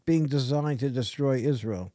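Rambling man with a mellow voice. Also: medium pitch, no echo, studio quality. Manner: rambling, halting, many restarts. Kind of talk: casual podcast discussion.

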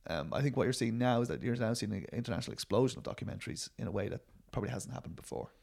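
A middle-aged man with a gravelly, creaky voice talks through his work as a documentary filmmaker. He rambles and restarts often, stacking fillers as he thinks aloud. His tone stays self-deprecating. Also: fairly low pitch, lively intonation, racing, a little mellow. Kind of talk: conversational interview answers.

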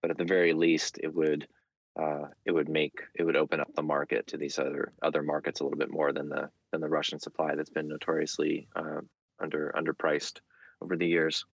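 Very deep-voiced man, dry sound. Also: monotone, fairly quick, creaky, breathy edge, no room sound, highs cut off. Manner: thoughtful, frequent fillers and restarts. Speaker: guest. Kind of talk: conversational interview.

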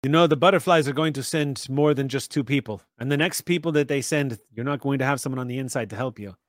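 A man's voice: medium pitch, quick pace, dry recording, clean studio sound, lightly acted. A man voicing a shady male opportunist who keeps pushing a bargain in a persuasive, wheedling way. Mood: scheming.

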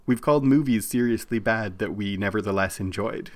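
A man co-hosting a casual podcast, arguing his views in quick bursts with frequent restarts. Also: lowish voice. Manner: opinionated, talks in bursts with restarts. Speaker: podcast co-host.

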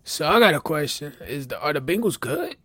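A man's voice: a little high, very animated, fairly quick, fairly bright tone, a little hiss or hum. Playful man hosting sports banter. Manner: playful, laughs often, poses questions. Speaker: podcast co-host. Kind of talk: casual sports chat.

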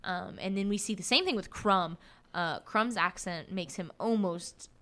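A woman's voice: medium pitch, unhurried. A young woman co-hosting a podcast, talking casually about a book with lots of fillers and restarts. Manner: animated, many fillers and restarts. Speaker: podcast co-host.

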